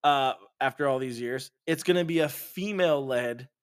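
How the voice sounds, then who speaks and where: This man's voice sits at a medium pitch and moves at a normal speed. Co-hosting a podcast, he tells a rowdy tale in relaxed chat, cursing a lot and acting out each character's voice with animated flair.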